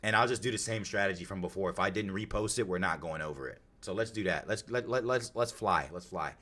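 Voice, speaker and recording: A man's voice: low-pitched, fast talker, pushed and bright. Slangy young male streamer chatting casually. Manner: slangy, hypes up chat, greets viewers by name. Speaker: streamer and podcast host. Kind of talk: casual live stream chat.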